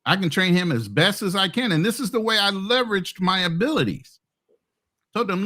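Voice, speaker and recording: A man's voice: high voice, lively intonation, brisk, pushed and bright. A middle-aged man talking bluntly and profanely in a casual podcast chat, as a co-host. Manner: blunt, profane, boastful storytelling.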